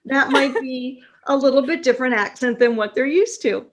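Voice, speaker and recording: A woman's voice: high voice, moderate pace. A woman from upstate New York hosting a podcast interview, chatting casually and reading passages aloud. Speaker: podcast host.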